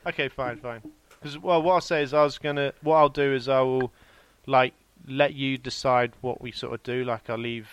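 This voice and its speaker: A man's voice: mid-range voice, fairly even intonation, normal speed, clear, resonant tone, no room sound. A man from England co-hosting a podcast over a video call, joking and giggling, often trailing off mid-sentence. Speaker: podcast co-host. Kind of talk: casual chat.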